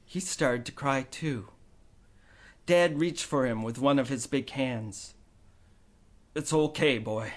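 A man narrating a storybook in an expressive storytelling manner. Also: medium pitch, takes it slowly. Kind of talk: scripted audiobook narration.

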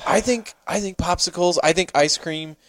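A man's voice: high-pitched, moderate pace, no echo. Man, co-host, casual chat, teasing, hesitant, trailing off, dry close sound.

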